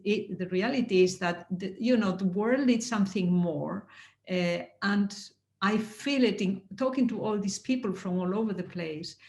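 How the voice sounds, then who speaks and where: Earnest, halting woman in an echoey room. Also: medium pitch. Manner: earnest, halting, with many restarts; emotional, laughing softly. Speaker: speaker at a network anniversary. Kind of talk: heartfelt closing remarks. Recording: roomy echo.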